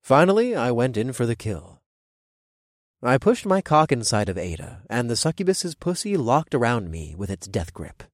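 A man narrating an audio story in the first person, with an expressive delivery. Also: medium pitch, moderate pace, no room sound, clean studio sound.

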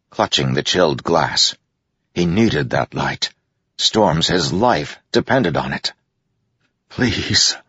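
A man's voice: deep voice, a bit bright, slightly rough, no echo, lo-fi sound. A man giving a tense, dramatic audiobook narration of a fantasy action scene.

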